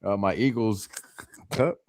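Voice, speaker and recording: Deep gravelly man joking around. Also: normal speed, darkish tone, no room sound, studio quality. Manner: joking, boisterous, teasing. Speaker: podcast co-host. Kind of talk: casual banter.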